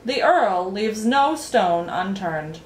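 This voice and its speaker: A woman's voice: medium pitch, animated, a little hiss or hum. A woman voicing an impatient, pompous male king who bellows commands. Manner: loud, commanding, drawn-out lines. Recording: roomy echo, faint ambience.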